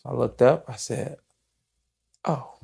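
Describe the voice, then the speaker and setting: A retired boxer talking casually in an interview, reflective and unhurried, often quoting himself and others as he tells his story. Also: medium pitch, steady tone.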